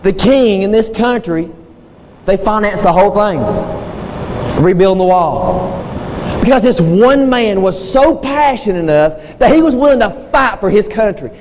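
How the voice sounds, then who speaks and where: A high-voiced man preaches a sermon with passion, circling back to repeat his key phrases. His voice carries a long church-hall reverb over a faint background hiss. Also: lively intonation, moderate pace, darkish tone. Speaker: pastor. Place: church sanctuary.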